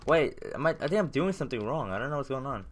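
A man's voice: mid-range voice, lively intonation, quick pace. A young man with a sore throat giving casual gameplay commentary, ranting and swearing in frustration as he keeps failing. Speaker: gaming channel host.

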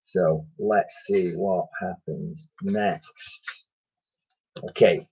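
An English man, a primary school teacher, reads a children's story aloud at home. His voice sits low and a little husky, and the home recording sounds dull and lo-fi. He chats along with small fillers and fixes his own slips. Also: steady tone, extremely slow, a little mellow. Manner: chatty, with fillers and self-corrections.

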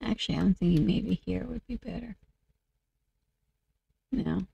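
Muttering to herself while she works, a woman who makes video games talks casually through her game in a slightly off voice, coughing now and then. Her mid-range voice is a little slow, husky and dark with vocal fry, and the recording is dry and dull.

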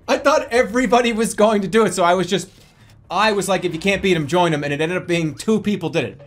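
A man streaming a video game, giving excitable live commentary and laughing often. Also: high-pitched, fast.

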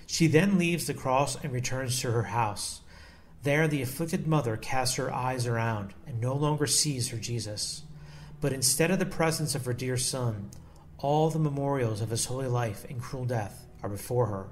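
A man with a mid-range voice reads a devotional text. His delivery is slow, solemn and measured, and a faint noise sits under the recording. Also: medium pitch. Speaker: devotional reader. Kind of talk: devotional reading.

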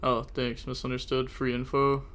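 A young man streams a card game at normal speed, his mid-range voice monotone with a fairly bright tone. As he plays, he talks to his chat and gets frustrated and self-critical about his own mistakes.

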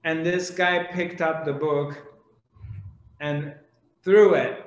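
Casting: male spiritual teacher, slightly high voice, slow storytelling, echoey room. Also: muffled recording. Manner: animated storytelling, acting out the characters. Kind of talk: storytelling discourse.

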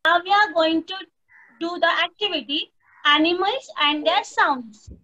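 A woman's voice: extremely high pitch, unhurried, bright, forceful tone, highs cut off. A woman, teaching young children an online lesson, patiently repeating prompts and imitating animal sounds. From India. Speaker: primary school teacher.

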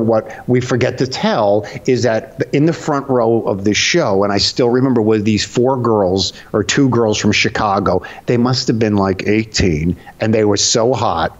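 Male comic guest telling stories at home, lively with put-on voices; dull remote-call sound. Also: medium pitch. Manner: lively, acts out voices in anecdotes. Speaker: comedian guest. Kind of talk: animated storytelling.

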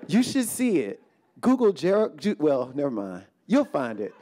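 A man with a Southern Louisiana accent performs at a live poetry reading. His voice is mellow and warm, and his pitch rises and falls in lively swings. He reads his poems slowly and softly, and jokes with the room in between. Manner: slow, hushed delivery of poems; bubbly, animated banter between. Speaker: poet. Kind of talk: poetry reading with audience banter. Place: live reading in a hall with an audience.

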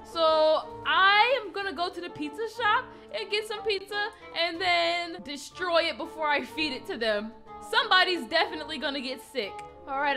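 A woman narrating a game roleplay in a playful, dramatic, mischievous way. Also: sits high. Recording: clear background music under voice. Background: background music.

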